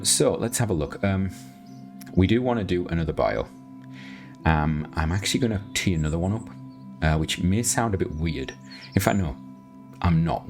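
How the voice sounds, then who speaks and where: Very deep-voiced man narrating gameplay. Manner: chatty, self-mocking, thinks aloud with many restarts. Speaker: gameplay commentator. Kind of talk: casual gameplay commentary.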